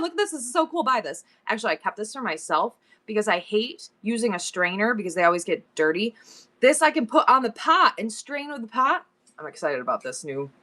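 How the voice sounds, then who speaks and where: A middle-aged woman chats her way through a live-stream sale, rambling from one thought to the next and laughing often. Her voice is bright and forward, with an ordinary middle pitch. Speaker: live-stream reseller host. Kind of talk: casual live-stream selling chat.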